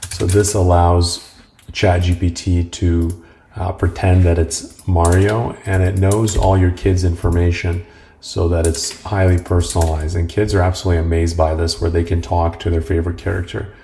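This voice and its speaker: Deep, gravelly male tutorial host. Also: normal speed, a little hiss or hum. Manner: relaxed, rambling, with uh fillers. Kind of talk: casual tech tutorial.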